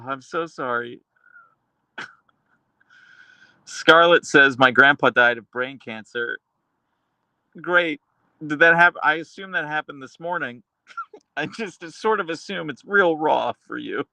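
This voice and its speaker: A man hosting a live stream, reading chat aloud and answering with dark, deadpan humor and frequent laughs. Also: a little high, vocal fry, dry recording. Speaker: livestream host reading chat.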